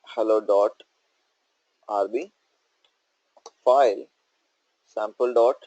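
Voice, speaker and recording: A man's voice: lowish voice, fairly even intonation, extremely slow, darkish tone, no room sound, dull audio. A male instructor walking through a coding tutorial on screen, explaining step by step and checking in with "okay?" and "right?".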